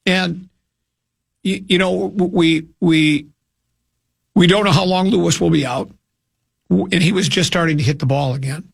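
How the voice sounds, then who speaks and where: A man hosting sports talk radio, rambling and opinionated, with frequent halting restarts. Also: high voice, steady tone, gravelly, husky.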